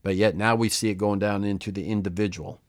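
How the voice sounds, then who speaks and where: A man teaching the Bible in a relaxed, conversational way, often checking in with "right?". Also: lowish voice, fast, no room sound, studio quality.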